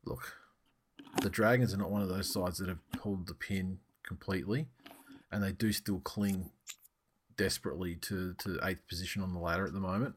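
A man's voice: low-pitched, steady tone, moderate pace, slight background noise. A man hosting a casual sports podcast, talking loosely and reading out team news. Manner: loose and chatty, swears, reads out team news. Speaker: podcast host.

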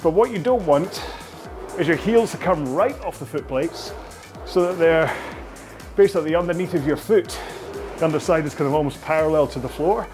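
A man's voice: on the high side, moderate pace, over music. A Scottish man coaching rowing technique, patient and explaining while he demonstrates on a rowing machine. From Scotland. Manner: patient, explaining, checks in with "okay?". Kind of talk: instructional workout video. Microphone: on a rowing machine, talking while demonstrating.

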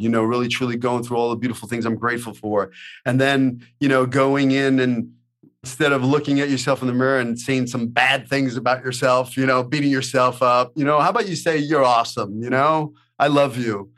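Guy talking earnest pep-talk style, mid-pitched, lots of you-knows. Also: a bit bright. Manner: earnest, motivational, many "you know" fillers. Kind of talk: casual podcast chat.

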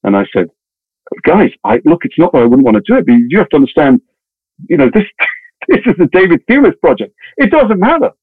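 A man tells his story at a rapid clip and jumps into lively quoted voices of the people in it. His voice is mid-pitched, and the sound is dry and narrow like a phone line, with no room around it. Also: breathy edge, dry recording. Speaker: actor telling stories. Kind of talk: casual anecdote in a podcast interview. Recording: tinny phone-like audio.

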